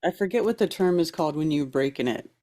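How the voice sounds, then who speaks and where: A woman's voice: sits low, lively intonation, quick pace, dark tone. A woman co-hosting a casual livestream chat, adding short reactions and reading out viewer comments. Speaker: co-host.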